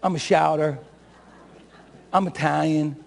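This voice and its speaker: Fervent gravelly-voiced preacher in reverb. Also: male voice, on the high side, fairly even intonation, unhurried. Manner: fervent preacher, swings from soft to shouting; self-described shouter and crier. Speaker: pastor. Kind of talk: sermon. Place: church sanctuary.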